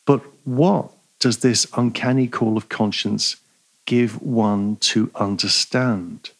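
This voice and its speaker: Slow, deliberate male philosophy lecturer. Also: mid-range voice. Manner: measured, repeats key phrases for emphasis. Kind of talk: scripted lecture.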